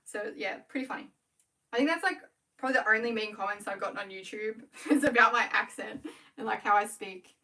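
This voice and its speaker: A young Australian woman talks casually to her livestream viewers while busy with work, chatty and quick and often correcting herself. Her voice sits in a middle pitch. She is a little distant from the microphone. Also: sharp tone. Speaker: small business owner livestreaming. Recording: voice a bit far from the mic.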